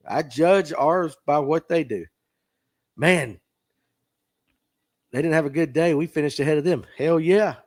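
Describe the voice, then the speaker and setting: A man hosting a fishing podcast livestream, chatting casually and reading out viewer comments in a folksy way. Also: a little high. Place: tackle shop.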